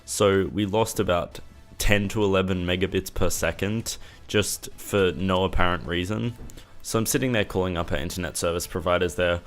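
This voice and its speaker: A man's voice: low voice, normal speed, faint music behind. A young man vlogging, ranting in an exasperated, casual way and swearing now and then. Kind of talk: casual rant to camera.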